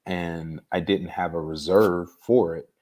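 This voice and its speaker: A man as an interview guest, telling a personal story in an earnest, unhurried way. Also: low voice, steady tone, a little mellow.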